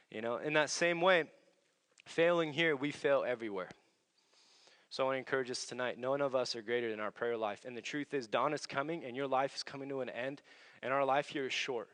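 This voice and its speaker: Earnest young preacher in a reverberant hall. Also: male voice, medium pitch, a little fast. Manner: earnest, conversational, drops to a hushed voice for stories. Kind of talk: sermon.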